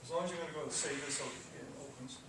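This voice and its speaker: A man's voice: a little high, racing. A man teaching a classroom coding lesson, talking through the code step by step with casual asides. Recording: echoey classroom from far off with noise.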